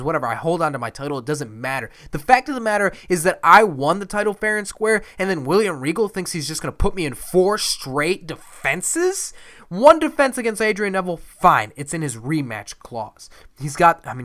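A man playing his brash heel wrestler persona, ranting and boasting loudly. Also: on the high side, no room sound, studio quality, pitched above the performer's own voice.

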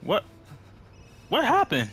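A man's voice: high voice, wildly swooping pitch, slow, a bit bright, a little hiss or hum. Jumpy man narrating his game. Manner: jumpy, talks to himself, easily scared. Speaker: gamer. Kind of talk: let's-play commentary.

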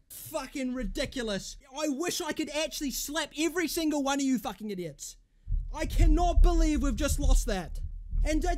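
A young man commentating his own football management game, raging and swearing loudly at his players. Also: very high voice. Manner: furious, swearing, shouting at players. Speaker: gaming YouTuber. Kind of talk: live gameplay commentary.

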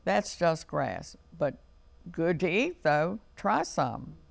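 A man voicing a cheerful, knowing male robin in a children's storybook, who talks in a brisk, amused, explaining way. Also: fairly high pitch, sing-song, creaky, no echo, heavily acted.

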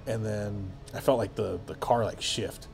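A man's voice: lowish voice, fairly even intonation, unhurried, gravelly, darkish tone, faint music behind. A man guesting on a podcast, telling a story in a rambling, casual way full of filler words and swearing.

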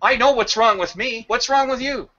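A man with a high, bright, forceful voice tears into someone in an online voice chat. He swears freely and hammers away with rhetorical questions. The audio is dull and lo-fi. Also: moderate pace. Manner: confrontational, profane, rhetorical questions. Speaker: voice chat room participant. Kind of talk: heated rant in online voice chat.

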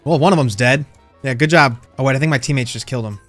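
This man's medium-pitched voice moves at a quick pace on a dry recording with faint background music. He's a gaming YouTuber commentating casually, ribbing other players and letting out excited yelps at surprises.

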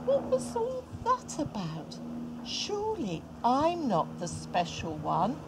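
A woman's voice: high voice, wildly swooping pitch, slow, background noise, voice pushed up, full character voice. A woman playing an eager little shepherd boy. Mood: wondering. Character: young shepherd boy David, eager and small.

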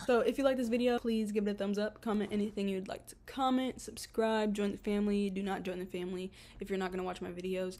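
A woman's voice: medium pitch, fairly even intonation, fast talker, few pauses, mellow. A young woman vlogging in a casual, rambling way, telling a story full of slang and "like". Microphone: camera mic.

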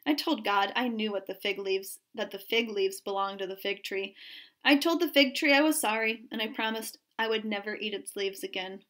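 A woman teacher reading a children's story aloud in an expressive storytelling manner. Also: mid-range voice, normal speed.

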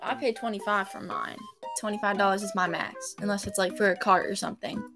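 A woman's voice: medium pitch, fairly even intonation, brisk, music in the background. A woman chatting bluntly on a video call, swearing freely. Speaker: video chat stranger. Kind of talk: casual chat on video call.

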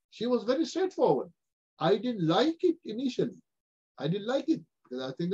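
A man's voice: high-pitched, normal speed, husky, dull audio. An older man from Sri Lanka giving a webinar lecture, acting out characters as he explains, over a video call. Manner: animated, acts out characters with quoted voices. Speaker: webinar speaker. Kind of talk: lively lecture.

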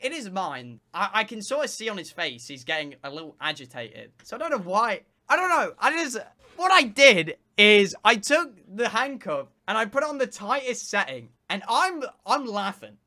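Speaking at a moderate pace in a high voice, a 17-year-old guy streaming recounts a story to his chat, excitable and meandering, with lots of swearing and filler words.

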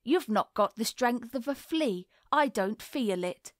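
A woman's voice: a little high, lively intonation, a little slow, dry recording, clean studio sound. A woman voicing a rude, blustering young boy who growls and bawls at the other children in a storybook reading. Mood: surly. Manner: growling, bawling.

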